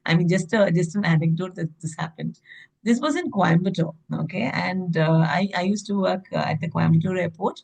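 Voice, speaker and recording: A woman's voice: on the low side, fairly quick, creaky, darkish tone, slightly rough, low-quality recording. Woman telling anecdotes. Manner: anecdotal, with fillers like "I mean" and "you know". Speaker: behavioral trainer and former airline staff. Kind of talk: interview conversation.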